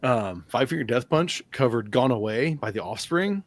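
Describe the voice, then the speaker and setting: A man's voice: mid-range voice, animated, normal speed. A man co-hosting a podcast, chatting casually with a lot of swearing and laughter. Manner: laughs often, mock voices when quoting. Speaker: podcast co-host. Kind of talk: casual profane banter.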